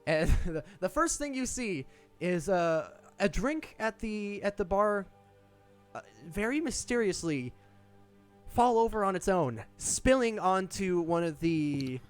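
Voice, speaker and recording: Young man, game master, rambling narration, slightly high voice, faint music behind. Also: lively intonation, takes it slowly, smooth. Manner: rambling, many ums and restarts.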